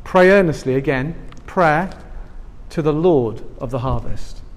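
A man preaching a sermon, animated and emphatic, swinging between loud and hushed. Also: medium pitch, slow. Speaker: pastor. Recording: long hall reverb.

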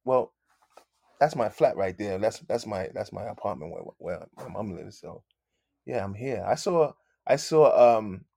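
A London-raised man in his fifties speaks with a fairly low voice and a light London accent. He tells stories in an easy, laughing way and acts out other people's lines. The sound is dry and close. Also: animated, unhurried, gravelly, dark tone, breathy edge, no room sound. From London, England. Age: 50s. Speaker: musician guest. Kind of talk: casual interview storytelling.

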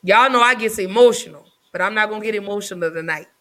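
A woman hosting a casual live podcast, talking in an effusive, affectionate way with drawn-out phrasing. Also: medium pitch, fairly bright tone, rough recording. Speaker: podcast host.

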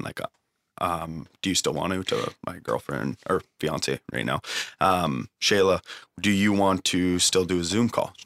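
A man's voice: deep voice, a bit bright, no echo, clean studio sound. A young man telling an emotional recovery story in a casual way, swearing freely and using lots of fillers. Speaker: guest sharing a recovery story.

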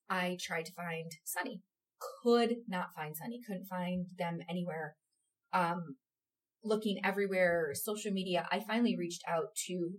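A woman who runs a theater company, chatting in an interview and telling a story with animated, emotional energy. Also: on the low side, recorded from a distance, poor audio. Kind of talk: casual interview chat.

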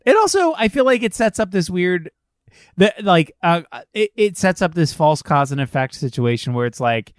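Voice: mid-range voice, very animated, normal speed, no room sound, clean studio sound. A podcast co-host in a casual film review chat, rambling and searching for words, with some swearing.

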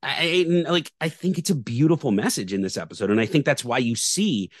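A man co-hosting a casual podcast in a mid-range voice. The sound is close and dry, with no room around it. He drifts into thoughtful, unhurried explanation. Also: mid-range voice, animated, dry recording. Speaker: podcast co-host. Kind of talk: casual chat.

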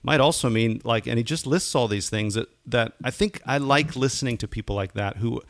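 A man's voice: medium pitch, a little fast, no echo. A man co-hosting a podcast, a pastor chatting casually, rambling with many restarts.

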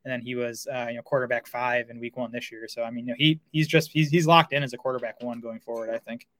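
Fast-talking man breaking down fantasy football. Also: mid-range voice, little pitch movement, fairly bright tone, no room sound. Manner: fast, filler-heavy talk with restarts. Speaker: fantasy football podcast co-host. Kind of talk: casual sports analysis chat.

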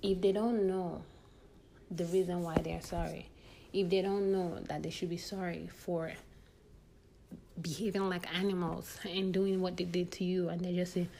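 A woman's voice: fairly low pitch, little pitch movement, normal speed, gravelly, warm tone, a little hiss or hum. A young woman hosting a podcast, talking candidly in a casual advice monologue drawn from her own life. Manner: candid, conversational, sharing personal stories. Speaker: podcast host.

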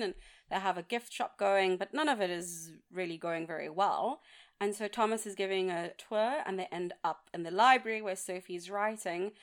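A woman co-hosting a casual film podcast, speaking frankly and recapping the plot plainly. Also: mid-range voice. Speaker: podcast co-host. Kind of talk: casual chat.

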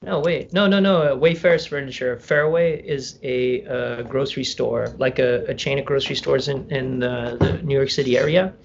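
In a dull remote recording with faint noise, a podcast co-host chats casually in a mid-range voice with vocal fry, fairly even intonation, and a moderate pace with few pauses. He rambles, laughs often, and trails off mid-sentence.

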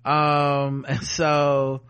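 A man's voice: fairly high pitch, completely flat delivery, very slow, very noisy. Laid-back, profane male podcast co-host. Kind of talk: casual chat recapping a TV episode.

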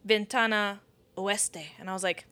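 A woman chatting as a podcast guest in a musing, low-key way. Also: steady tone, a little slow, bright, forceful tone. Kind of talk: casual chat.

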